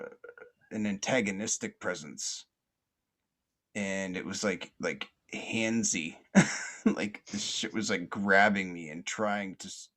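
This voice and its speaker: A man's voice: lowish voice, a bit bright. A man hosting a podcast, telling a long story in a casual, rambling way, with many fillers and restarts and plenty of swearing. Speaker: podcast host.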